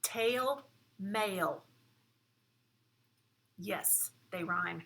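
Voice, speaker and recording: A woman teaching preschoolers in a classroom, speaking clearly and instructively, one step at a time. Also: medium pitch, takes it slowly, long pauses, bright, forceful tone. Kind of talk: children's lesson.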